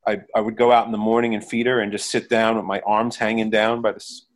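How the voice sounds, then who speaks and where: A middle-aged man, a musician and producer, talking as a guest in a casual interview, halting with many fillers. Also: on the low side, flat delivery.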